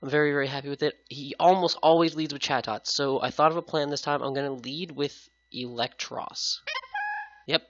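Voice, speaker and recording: A man talking through a competitive game match in a casual, chatty way, his voice bright and a little sick-sounding. It comes through a headset mic with a dull, lo-fi sound. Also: on the high side, fairly even intonation, normal speed. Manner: casual, upbeat, chatty with viewers. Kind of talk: casual gameplay commentary.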